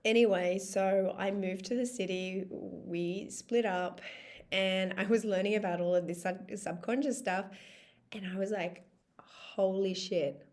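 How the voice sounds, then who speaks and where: A woman's voice: mid-range voice, steady tone, a little slow, a little mellow. A woman in her thirties, a life coach, talking in a casual, emphatic vlog style with the odd swear word.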